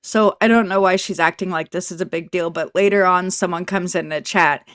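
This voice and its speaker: A woman's voice: on the low side, fairly even intonation, a little fast, a bit bright, no room sound. A woman commentator giving sarcastic remarks over clips, dry and mocking with wry asides.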